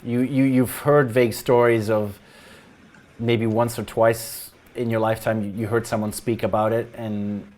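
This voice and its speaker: A man narrating as game master of a tabletop role-playing game, explaining in an unhurried way. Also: medium pitch, little pitch movement, a little mellow.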